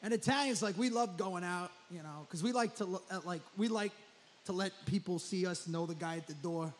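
A man from New doing a profane, rambling stand-up comedy set on a club stage. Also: high-pitched. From New Jersey. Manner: profane, rambling, rapid riffing.

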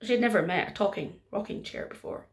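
A woman storyteller telling a traditional folk tale aloud in a gently dramatic way. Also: medium pitch, fast talker, a little hiss or hum.

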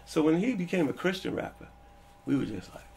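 Gravelly husky man telling stories. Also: on the high side, brisk. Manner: animated, acts out quoted people with a raised voice. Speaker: interview guest. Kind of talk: storytelling in a casual interview.

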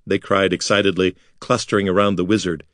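A man reading a fantasy novel aloud as an expressive audiobook narrator. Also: low voice, a little fast, no echo, clean studio sound. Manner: lively, expressive storytelling.

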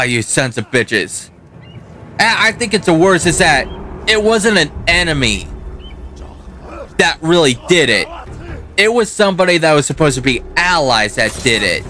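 This gaming channel host, a young man, delivers let's play commentary full of profanity and ranting, arguing with the game he's playing. He speaks a little high, in a pushed, bright way.

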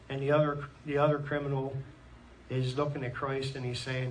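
A man's voice: medium pitch, flat delivery, normal speed. Preacher man heard from a distance. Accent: Pennsylvania American. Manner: earnest, reads scripture aloud with frequent amens. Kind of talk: sermon. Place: church hall. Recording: distant mic in a church with faint room noise.

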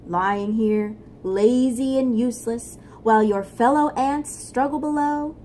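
A woman's voice: on the high side, a little slow, dark tone, slight background noise, natural voice. A woman voicing a stern, preachy male worker ant who scolds and lectures in a storybook read-aloud. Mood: scolding.

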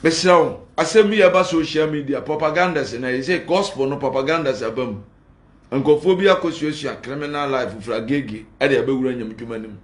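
A man's voice: medium pitch, reverberant. A man with a Ghanaian accent, a pastor giving a heated, defiant rant and switching between Twi and Pidgin English.

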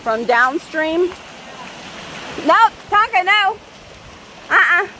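This vlogger's voice is very high and extremely animated as she laughs and coaxes her dog outdoors by a waterfall. The handheld recording is poor, swamped by the roar of rushing water, and her talk is casual vlog chatter.

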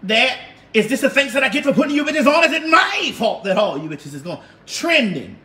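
A high-pitched woman chats casually on a livestream, brash and sassy, with a drawl and a steady stream of cussing. Her voice rings around a roomy, echoey space picked up by a phone or webcam mic. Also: brisk. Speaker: livestream host. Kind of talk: casual livestream chat with viewers. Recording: roomy echo.

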